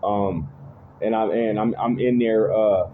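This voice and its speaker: A man's voice: lowish voice, a little slow. A man casually telling his own life testimony, rambling, restarting his sentences and often saying "you know what I'm saying". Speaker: speaker giving personal testimony. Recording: tinny phone-like audio with faint noise.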